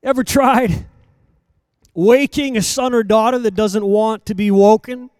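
A man preaching a sermon in a rhythmic, repetitive cadence, swinging between hushed lines and loud emphatic calls. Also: sits high, a little slow, dry recording, studio quality.

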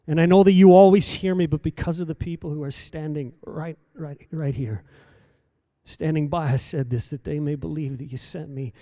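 A man preaching a sermon in a rhythmic, repetitive cadence, swinging between hushed lines and loud emphatic calls. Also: fairly high pitch, fairly even intonation, moderate pace, no room sound, studio quality.

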